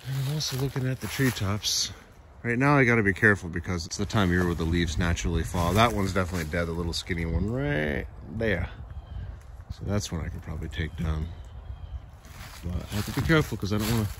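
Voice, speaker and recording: A man's voice: sits low, fast. A man chatting casually to his cat while walking through backyard woods and fields. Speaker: cat owner vlogger. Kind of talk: casual walk-and-talk vlog. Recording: outdoor background noise in the woods.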